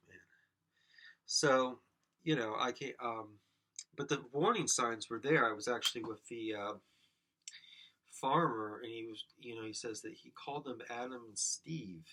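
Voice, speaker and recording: A man's voice: mid-range voice, a little slow, long pauses, pushed and bright. A man hosting a silly podcast alone, rambling absurdly and talking to an imagined audience. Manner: absurd, self-mocking, talks to imagined audience. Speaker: podcast host. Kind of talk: rambling comedic monologue.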